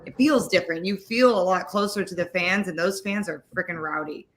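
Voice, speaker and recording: A woman, co-hosting a casual chat and telling animated stories with some swearing. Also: lowish voice, a little fast. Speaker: co-host.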